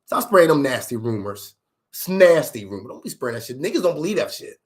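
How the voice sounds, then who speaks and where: A man delivering a profane, animated comedic rant on a livestream. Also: medium pitch, fast. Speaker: livestream host.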